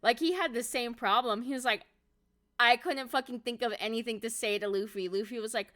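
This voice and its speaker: Excitable young woman streamer, higher voice, bright tone, swears and rambles. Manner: excitable, swears a lot, quick laughs. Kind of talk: casual live-stream chat.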